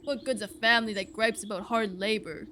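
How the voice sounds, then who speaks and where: A woman voicing a bitter, proud male ox farmer in a gruff, indignant tone. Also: mid-range voice, steady tone, brisk, bright, forceful tone, slight background noise, natural voice.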